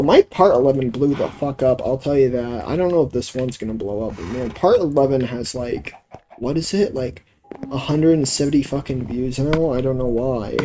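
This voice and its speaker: A let's play gamer rambles through casual gameplay commentary, swearing whenever something annoys him and getting exasperated easily. His voice is a little high with a dark tone, caught on a cheap home mic in a rough recording with slight background noise and background music.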